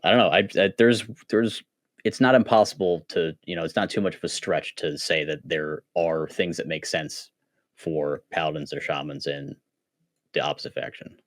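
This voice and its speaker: A man with a low, deep voice talks eagerly as a podcast guest, tossing in "like" again and again and restarting his sentences. His voice sounds dry and close, with no room echo. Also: fairly even intonation, normal speed. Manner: eager, many "like" fillers and restarts. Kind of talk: casual chat.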